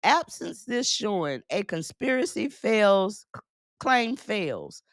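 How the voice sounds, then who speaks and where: Woman, news commentator, emphatic, slow delivery, animated pitch, dry recording. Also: no echo. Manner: emphatic, repeats phrases, laughs at the text. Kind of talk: reading and commenting on a court order.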